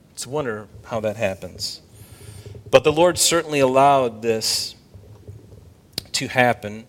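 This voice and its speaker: A man preaching a sermon from the pulpit, his voice sitting at a medium pitch. He talks emphatically and keeps throwing rhetorical questions at his congregation. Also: a bit bright. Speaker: pastor.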